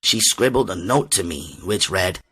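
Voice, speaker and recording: A man reading a novel aloud as an audiobook reader, with steady, measured storytelling. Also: low-pitched, husky.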